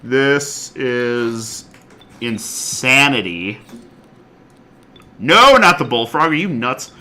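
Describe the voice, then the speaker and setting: Excitable male game streamer, lively voice. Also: medium pitch, extremely slow. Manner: excitable, laughs often, swings from loud outbursts to quiet muttering. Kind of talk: live gameplay commentary.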